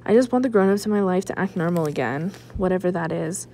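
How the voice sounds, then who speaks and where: A woman librarian reading a children's novel aloud, with expressive first-person narration. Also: fairly low pitch, fast talker, a little hiss or hum. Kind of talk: children's book read-aloud.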